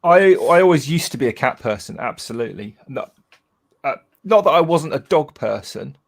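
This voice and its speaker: A man's voice: mid-range voice, expressive, normal speed, gravelly. Wry, teasing male co-host. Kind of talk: casual chat. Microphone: remote call mic.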